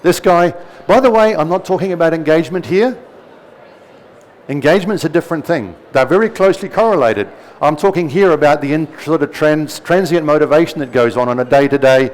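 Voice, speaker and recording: A man's voice: a little high, fairly quick, rough recording. A middle-aged man with a fading New Zealand accent, giving a conversational seminar talk with joking asides to the audience. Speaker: seminar speaker.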